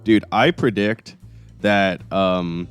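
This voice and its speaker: A man's voice: deep voice, slow pace, clean tone, no echo, faint music behind. A man co-hosting an anime review podcast, loosely retelling scenes in casual chat and laughing often.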